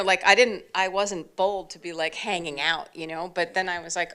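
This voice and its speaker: A chatty woman telling stories as a panel guest, her voice low-pitched and gravelly with fry. Her tone is bright and forceful despite the low pitch. She talks casually and fills her sentences with "like.". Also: normal speed. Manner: chatty, with lots of fillers like "like". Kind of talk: casual anecdotal storytelling.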